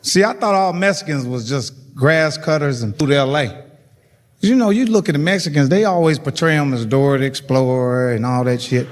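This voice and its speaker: A man's voice: on the high side, fairly quick. A middle-aged man telling profane stand-up stories and acting out the voices of people in them. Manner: profane storytelling, acts out voices. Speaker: stand-up comedian. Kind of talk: stand-up comedy set. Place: comedy stage before a laughing audience. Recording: live hall reverb, faint noise.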